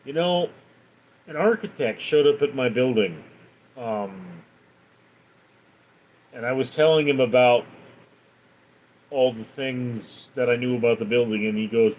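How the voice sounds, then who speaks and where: A man's voice: mid-range voice, measured pace, pauses often, poor audio. A man hosting a live stream, casually reading out viewers' comments and answering them with chatty stories. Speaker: livestream host.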